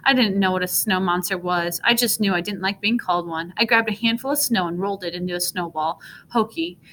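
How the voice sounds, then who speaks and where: A woman reading a children's chapter book aloud in a plain, unhurried way, with small restarts. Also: fairly low pitch, pushed and bright, a little hiss or hum, poor audio. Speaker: storyteller.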